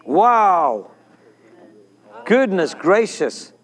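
A man preaching an excited sermon, breaking into whoops. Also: high-pitched, drawn-out words, husky. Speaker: pastor.

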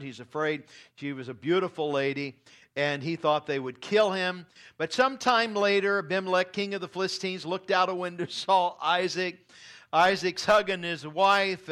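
A man's voice: on the high side, fairly bright tone. A man preaching a sermon as pastor, earnest and storytelling, with emphatic rises.

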